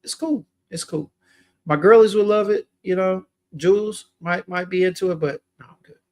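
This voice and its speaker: A man's voice: sits high, brisk, darkish tone. A young man hosting a fragrance livestream, chatting casually and reading viewer comments aloud in a laid-back way.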